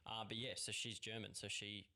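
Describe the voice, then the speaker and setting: A young Australian filmmaker chatting on a podcast in an easygoing, agreeable way. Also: male voice, fairly low pitch, little pitch movement, moderate pace, bright, forceful tone. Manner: easygoing, agreeable, lots of yeps. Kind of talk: casual podcast chat.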